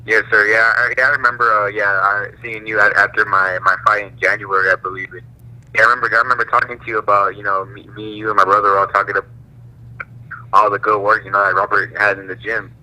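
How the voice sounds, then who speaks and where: Man, boxer guest, soft-spoken, humble, low pitch, very bright tone. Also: little pitch movement, fast talker, low-quality recording. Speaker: boxing champion guest. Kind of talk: casual interview answers.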